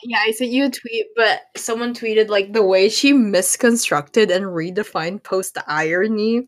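A woman's voice: mid-range voice, a little slow. A woman co-hosting a podcast in casual chat, rambling with lots of "like" fillers and giggles. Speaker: podcast co-host.

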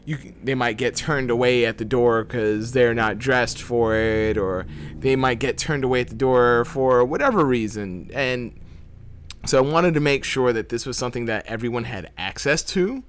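A man co-hosting a casual podcast, explaining things in a measured way with a few restarts. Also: medium pitch, a little hiss or hum. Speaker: podcast co-host. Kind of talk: casual conversation.

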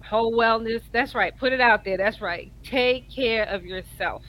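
A woman's voice: fairly high pitch, moderate pace, poor audio. Earnest woman in her fifties. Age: 50s. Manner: earnest, preachy, animated. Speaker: co-host. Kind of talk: casual chat.

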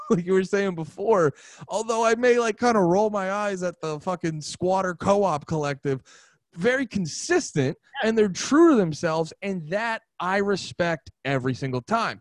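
Laughing, crude man with a higher voice. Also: no room sound. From New Jersey. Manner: laughing, crude, animated storytelling. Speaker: podcast co-host. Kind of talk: casual chat.

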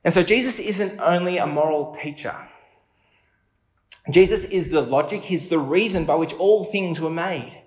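A man's voice: on the high side, moderate pace, darkish tone, reverberant, poor audio. A man preaching a sermon in an earnest, conversational way, asking his listeners questions.

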